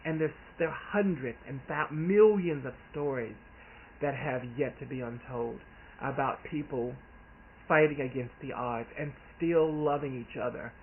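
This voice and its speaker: A man from the Deep South, an author talking casually and earnestly, rambling with restarts. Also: a little slow. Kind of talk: casual vlog talk. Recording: tinny phone-like audio with faint hiss.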